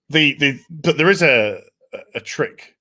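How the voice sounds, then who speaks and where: A man's voice: on the high side, sharp tone. A man hosting a casual podcast, swearing freely and reading out viewer messages. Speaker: podcast host.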